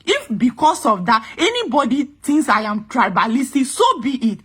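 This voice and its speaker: A woman's voice: high voice, very animated, normal speed, fairly bright tone, slightly rough. A woman from Ghana with a Ghanaian accent, speaking in an angry, impassioned vlog rant and repeating her points with emphasis. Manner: exasperated, emphatic, repeats herself. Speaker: vlogger.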